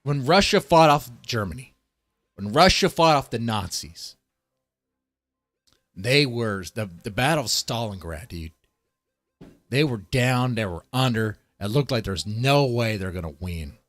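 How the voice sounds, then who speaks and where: Dude streamer ranting to chat, cusses a ton, mid-pitch voice, dry close mic. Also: male voice, animated, measured pace, a bit bright, no echo, faint music behind. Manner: profane, rambling, addresses chat directly. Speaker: streamer reacting to a video. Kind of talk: casual live-stream commentary.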